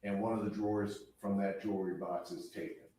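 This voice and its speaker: Lower-voiced male prosecutor in an echoey courtroom. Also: flat delivery, mellow, far from the mic. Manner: measured, narrating events step by step. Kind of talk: courtroom opening statement.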